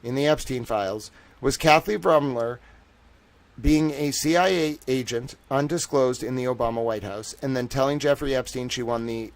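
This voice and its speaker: A young man hosting a livestream, ranting excitedly and profanely, swinging from shouting outrage to low muttering. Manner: profane, emphatic. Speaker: livestream host.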